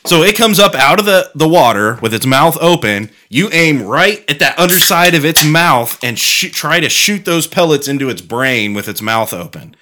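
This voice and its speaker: A man's voice: a little high, sing-song, normal speed, hardly any pauses, pushed and bright. A man co-hosting a podcast, telling rambling, profane stories in casual chat. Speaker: podcast co-host.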